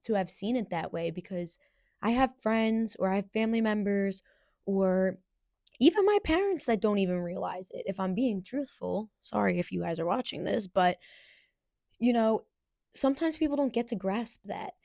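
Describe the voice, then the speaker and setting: A young woman hosting a podcast, telling a personal story in an earnest, halting way with restarts. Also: mid-range voice, expressive, gravelly, warm tone, dry recording, studio quality. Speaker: podcast host.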